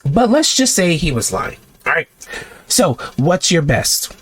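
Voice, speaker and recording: A man's voice: on the high side, sing-song, unhurried, fairly bright tone, breathy edge. Exasperated man ranting. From United States. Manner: exasperated and sarcastic, with blunt outbursts. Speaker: sports vlogger. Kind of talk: heated monologue rant.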